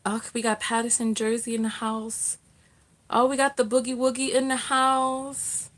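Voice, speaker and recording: A middle-aged woman chats through a casual livestream, greeting viewers and answering their comments. Her voice sits a little high, and she talks in loose, friendly bursts with plenty of fillers and restarts. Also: completely flat delivery, moderate pace. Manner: chatty and warm, frequent fillers and restarts. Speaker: livestream host, self-love coach.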